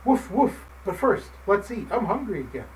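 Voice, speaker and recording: A man's voice: high voice, very animated, normal speed, darkish tone, slight background noise, voice pushed up, rough recording. A man voicing a loyal, eager dog who barks and begs for food. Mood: excited.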